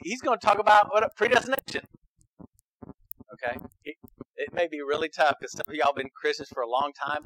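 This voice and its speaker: A male pastor delivers a sermon in a high, bright voice. He talks in a conversational, emphatic way, pressing his points and checking in with his listeners again and again. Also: low-quality recording.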